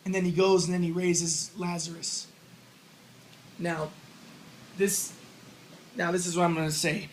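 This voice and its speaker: A man's voice: high voice, flat delivery, measured pace, long pauses, slight background noise. A man giving an informal spoken lecture, casually retelling a story and thinking aloud as he explains his own model. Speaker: self-published theorist explaining his model.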